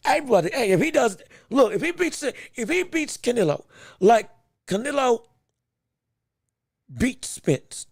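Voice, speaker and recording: A man hosting a live boxing podcast stream, talking excitedly, laughing, restarting his sentences and calling out greetings to viewers in chat. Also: extremely high pitch, a little slow, pauses often, slightly rough, no room sound, clean studio sound. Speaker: podcast host.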